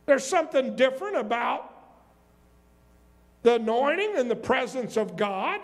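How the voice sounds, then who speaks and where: Reading from scripture and breaking off to question and address his congregation, a male pastor preaches at normal speed in an extremely high voice with lively intonation. The sanctuary adds a long, reverberant tail.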